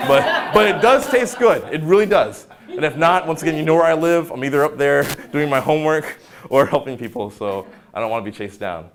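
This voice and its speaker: A man's voice: fairly high pitch, animated, moderate pace, hardly any pauses, crowd noise. A young man, a personal trainer, giving an informal wellness talk, joking and acting out quoted lines in silly voices. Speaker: fitness center personal trainer.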